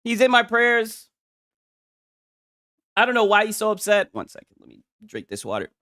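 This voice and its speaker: A man's voice: high-pitched, big pitch swings, moderate pace, bright, forceful tone, no room sound, studio quality. A man hosting casual gaming commentary from a home setup, talking in a profane, mocking way and laughing often.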